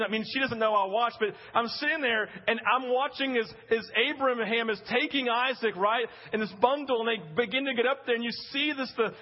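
A middle-aged male pastor preaching a sermon, telling a story with animated acted-out voices. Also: very high-pitched, in a large hall, lo-fi sound. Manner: animated storytelling, acting out scenes.

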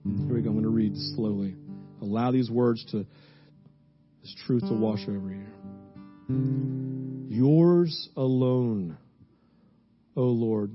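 A man preaching a sermon to a congregation, with emphatic scripture reading that turns into slow, hushed prayer. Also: lowish voice, steady tone, muffled recording, music in the background. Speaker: pastor. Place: church before a congregation.

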